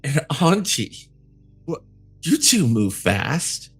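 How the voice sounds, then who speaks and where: Tabletop game figure: man voicing an effusive lion woman shopkeeper, raised pitch. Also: big pitch swings, slow pace, a bit bright, breathy edge, soft background music, exaggerated voice. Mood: flustered. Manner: effusive, tearful, clingy.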